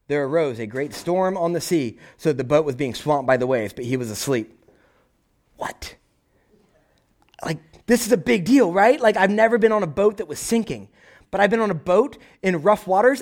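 A young adult male pastor preaching a conversational sermon, animated, often asking "right?" and acting out quotes. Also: sits high.

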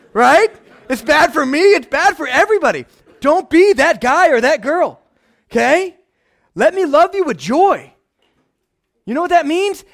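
A pastor preaching a casual, animated sermon, often checking in with his listeners. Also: very high-pitched. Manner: conversational, animated, frequent "right?" asides.

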